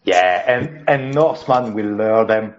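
A man's voice: on the low side, animated, slow, slight background noise. A man joining a casual chat with blunt, profane banter. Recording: dull lo-fi recording.

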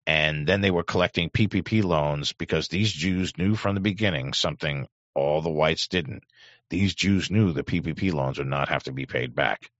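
A man's voice: rumbling low, moderate pace, a bit bright, no echo, highs cut off. A middle-aged man hosting a livestream, reading chat aloud in a sardonic, rambling way with many fillers. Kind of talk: casual livestream commentary.

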